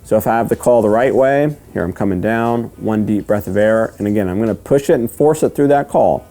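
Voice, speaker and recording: A man giving a step-by-step lesson, patient and repetitive, often checking in with "okay?" and slowly counting out rhythms. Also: lowish voice, dark tone. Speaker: duck calling instructor. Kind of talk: step-by-step instruction.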